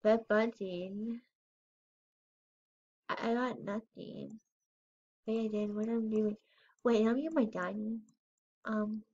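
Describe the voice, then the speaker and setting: A woman's voice: medium pitch, steady tone, takes it slowly, pauses often, a little mellow, slightly rough, dull audio. A female voice giving casual, rambling commentary while playing a game, often unsure of herself and squealing over cute items. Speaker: gamer showing her game house.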